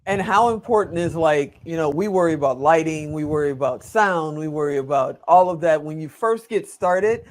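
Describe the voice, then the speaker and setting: A man's voice: on the high side, moderate pace, few pauses. A man hosting a casual video interview, chatty and asking long, rambling questions. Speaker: interview host.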